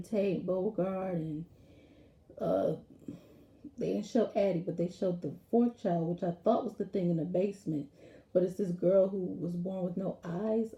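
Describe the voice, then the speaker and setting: A woman casually recapping a TV episode in a rambling, animated way, acting out lines from it as she goes. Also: lowish voice. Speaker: TV episode reviewer. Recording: roomy echo.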